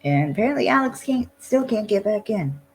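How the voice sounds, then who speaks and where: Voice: medium pitch, big pitch swings, a little fast, slight background noise, low-quality recording. A podcast co-host in casual chat, retelling things loosely with many "like" fillers.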